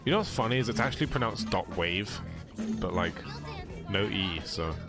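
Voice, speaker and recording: A man's voice: on the low side, expressive, normal speed. A young man with a British accent giving laid-back, joking commentary on a speedrun, explaining tricks as he plays. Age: young adult. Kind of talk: casual live-stream commentary. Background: game music.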